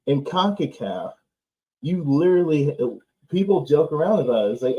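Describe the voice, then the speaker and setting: On a casual live stream where he watches football along with viewers, this American host talks in a high, sing-song, warm voice at a moderate pace. He's loose and sarcastic, laughing and cursing often, over slightly dull, lo-fi audio.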